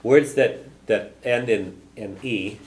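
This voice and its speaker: In an echoey classroom full of chatter, a man with a fairly low voice teaches a language lesson at a slow pace, with background noise on the recording. His explanations are patient, he models phrases for repetition, and he frequently checks understanding with "okay?".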